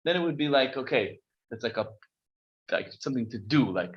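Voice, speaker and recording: A man's voice: mid-range voice, lively intonation, fairly quick, husky, lo-fi sound. A man teaching a casual text-study class, reading Hebrew passages aloud and explaining them conversationally. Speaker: Torah teacher.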